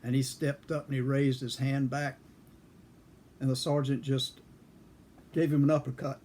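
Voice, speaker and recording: A man's voice: medium pitch, level tone, a little mellow, slight background noise. Older man chuckling through an old story. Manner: unhurried, chuckles while telling. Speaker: storyteller recalling military service. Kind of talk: casual spoken storytelling.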